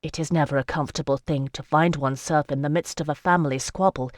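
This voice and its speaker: Audiobook narrator, middling pitch, calm even read, dry close mic. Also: fast, no echo. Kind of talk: scripted fantasy narration.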